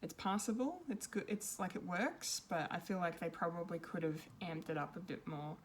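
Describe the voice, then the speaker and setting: A woman's voice: on the low side, moderate pace, slight background noise. A woman giving an unscripted film review, rambling and hesitant, with many ums and restarts. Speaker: pop culture reviewer.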